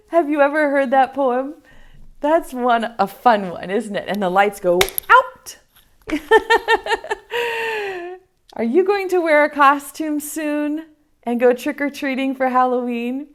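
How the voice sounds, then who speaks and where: Young woman preschool teacher, very slow and sing-song, bouncy high voice, playful giggles. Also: animated. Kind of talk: online preschool circle time lesson.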